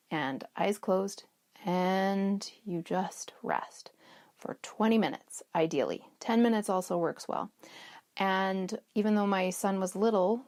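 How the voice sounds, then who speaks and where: Brief: middle-aged woman, podcast host, conversational storyteller, slight vocal fry, dry close sound. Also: mid-range voice, a little mellow, no room sound. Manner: chatty, storytelling, restarts mid-sentence. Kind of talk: casual self-care talk.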